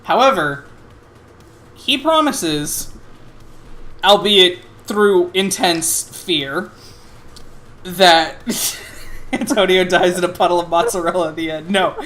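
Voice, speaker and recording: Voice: mid-range voice, slow, long pauses, fairly bright tone. A game master narrating a tabletop role-playing game in a loose, profane way, with laughing asides.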